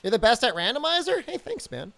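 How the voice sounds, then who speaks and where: This female streamer speaks a little fast in a slightly high voice with vocal fry. While gaming, she chats casually with her audience, joking and lively as she reads out and responds to chat.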